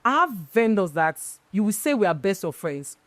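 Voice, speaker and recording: A woman's voice: medium pitch, normal speed, dry recording. Emphatic woman guest. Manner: emphatic, animated storytelling. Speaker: event planner guest. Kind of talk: casual interview chat.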